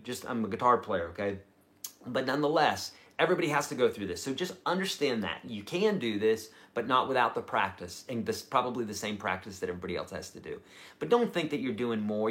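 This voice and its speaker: A man in his forties with a medium-pitched, slightly bright voice teaches guitar in a casual, encouraging livestream lesson. He makes chatty, self-deprecating asides, with guitar playing in the background.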